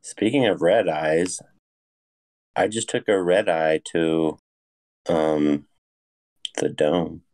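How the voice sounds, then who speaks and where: Young man, low deep voice, laid-back, laughing a lot, casual podcast chat. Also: steady tone, slow pace, long pauses, darkish tone. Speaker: podcast co-host.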